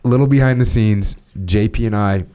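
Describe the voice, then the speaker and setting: A man's voice: on the low side, normal speed, warm tone, clear, resonant tone. A man hosting a podcast, talking bluntly and casually, reading sponsor plugs and teasing his guest. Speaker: podcast host. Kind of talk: casual podcast chat with ad reads.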